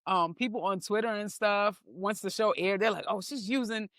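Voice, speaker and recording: A young woman from New York, a comedian guest telling stories in an animated, slangy way. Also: mid-range voice, normal speed, no echo, studio quality. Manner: animated, slangy, acts out quoted voices. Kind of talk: casual storytelling interview.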